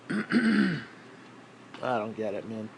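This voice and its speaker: A man's voice: medium pitch, big pitch swings, drawn-out words, creaky, slightly rough. Breathless man ranting with constant swearing. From New York State. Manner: profane, bitter ranting. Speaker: vlogger. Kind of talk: ranting vlog monologue.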